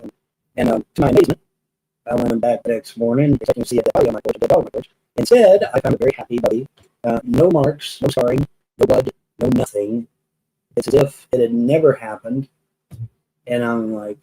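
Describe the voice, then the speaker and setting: Guy rambling thru his stories fast, dark husky voice, cusses a lot. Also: medium pitch, lively intonation, rough recording. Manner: rambling, repeats words, swears freely. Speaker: storyteller recounting experiences. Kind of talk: casual rambling monologue.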